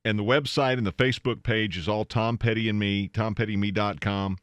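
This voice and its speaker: A man's voice: lowish voice, fairly even intonation, fairly quick, clear, resonant tone, no echo. A man hosting a radio interview in a casual, easygoing way. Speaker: radio host.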